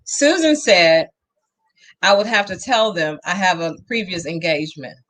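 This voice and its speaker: A woman's voice: lowish voice, expressive, moderate pace, fairly bright tone. A woman talk show host, heaping emphatic praise on her guest in an effusive interview chat.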